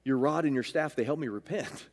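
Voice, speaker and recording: With a mid-range, darkish voice and a fairly quick pace, this man preaches a sermon in a church sanctuary. His delivery is emphatic, climbing and dipping for stress, while the room rings with long reverb.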